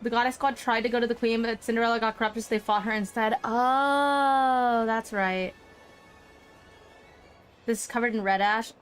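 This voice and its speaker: A woman's voice: a little high, steady tone, normal speed, clear, resonant tone, soft background music. A woman streamer reading game story narration aloud and chatting with reactions on a live stream.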